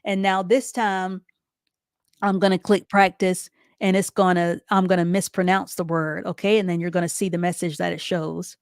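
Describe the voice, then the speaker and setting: Woman, low-pitched, dry close sound patient reading teacher for a live online class, walks through every step and repeats it. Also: flat delivery, clear, resonant tone, no echo. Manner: reads sentences out slowly and deliberately.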